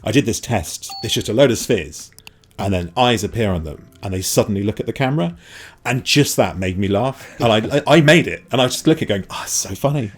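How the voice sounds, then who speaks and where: A man's voice: on the low side, breathy edge. A man in his thirties, a guest animator, chatting in a rambling, self-deprecating way full of fillers. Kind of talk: casual podcast chat.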